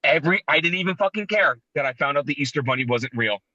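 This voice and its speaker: An animated man in his thirties tells sentimental stories on a casual podcast. His voice is bright and forceful, and it comes through dry and a little dull. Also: a little high, fast talker, no room sound. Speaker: podcast co-host. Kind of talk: casual wrestling podcast chat.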